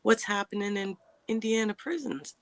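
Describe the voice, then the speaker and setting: A woman's voice: medium pitch, normal speed. A woman guest on a casual livestream chat, giving short replies and laughing often.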